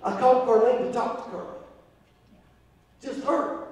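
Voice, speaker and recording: A man preaching a fervent sermon as pastor, rising at times to shouts. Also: extremely high pitch, moderate pace. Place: church sanctuary. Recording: echoey church hall from far off.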